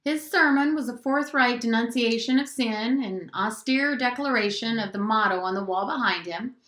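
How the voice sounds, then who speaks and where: A woman teacher reading a novel aloud in a steady, clear storytelling voice. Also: fairly high pitch, moderate pace. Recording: roomy echo.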